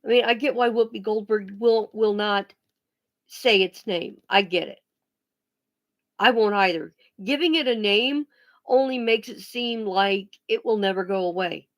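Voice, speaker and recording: A woman ranting bluntly on a casual vlog, swearing freely and often restarting her sentences. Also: mid-range voice. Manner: blunt, profane, emphatic; halting restarts and pauses. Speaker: vlogger.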